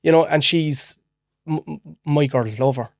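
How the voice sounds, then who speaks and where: Enthusiastic Irish man, chatty and excited. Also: fairly high pitch, unhurried, no room sound, studio quality. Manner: lively, enthusiastic, chatty, repeats himself. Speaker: podcast co-host. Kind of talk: casual chat.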